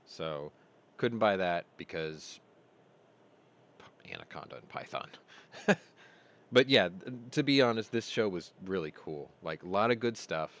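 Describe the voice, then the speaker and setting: Rambling low-voiced man chatting casually. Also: big pitch swings, a little slow, pauses often, a bit bright. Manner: rambling, joking, laughs at his own stories. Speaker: host. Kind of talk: casual live-stream chat.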